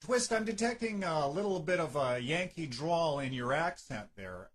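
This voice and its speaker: A man's voice: on the high side, lively intonation, moderate pace. A man from Canada hosting his radio show and interviewing a guest in formal, friendly phrasing.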